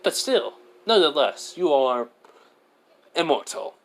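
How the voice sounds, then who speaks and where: A man voicing a stern, immortal ancient fox spirit in a fan story reading, speaking in a measured way. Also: fairly high pitch, very animated, slight background noise. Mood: grave.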